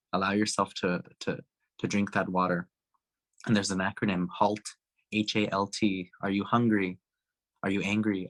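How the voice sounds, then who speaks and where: A man's voice: deep voice, fairly bright tone. A man speaking earnestly at a town hall, telling a personal story with frequent restarts and fillers. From Canada.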